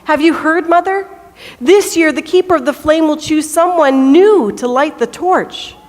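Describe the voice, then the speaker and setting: An earnest, kind-hearted little boy from a storybook, as a woman reader puts him on, his voice lifted high and eager. The words ring with the long echo of a church hall. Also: normal speed, natural voice.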